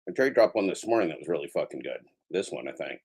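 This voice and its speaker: Male stream host with a lowish voice, casual and profane, reacting to clips and drifting mid-thought. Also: expressive, fast, vocal fry, very noisy. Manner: loose and profane, trailing off mid-sentence.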